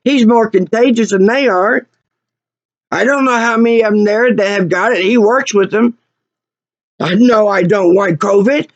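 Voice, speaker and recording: A woman's voice: mid-range voice, moderate pace, no echo. A woman angrily retelling an incident, repeating herself, her voice rising. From Oklahoma. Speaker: vlogger. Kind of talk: angry personal retelling of an incident. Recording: muffled lo-fi recording.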